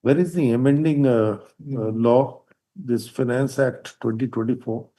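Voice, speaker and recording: Older judge with a mellow voice. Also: male voice, medium pitch, measured pace. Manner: probing, pointed questions, repeats words while thinking. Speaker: presiding judge. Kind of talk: courtroom hearing. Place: courtroom.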